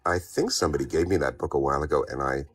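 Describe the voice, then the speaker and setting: A man in a casual chat, soft-spoken and hesitant, his voice lower than usual as he recovers. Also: racing, distant mic.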